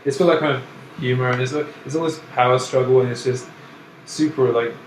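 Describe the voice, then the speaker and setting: A man's voice: medium pitch, steady tone, brisk. Laughing, rambling man in a roomy space. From Canada. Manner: laughs often, rambling with restarts. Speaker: podcast co-host. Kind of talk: casual chat. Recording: roomy echo, faint background noise.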